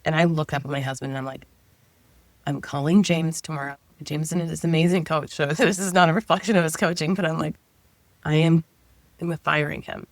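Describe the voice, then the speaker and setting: A woman's voice: low-pitched, fairly even intonation, fairly quick, no room sound. Chatty woman telling her story, dry sound. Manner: chatty, heavy use of 'like', quotes her own thoughts aloud. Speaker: guest. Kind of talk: casual interview storytelling.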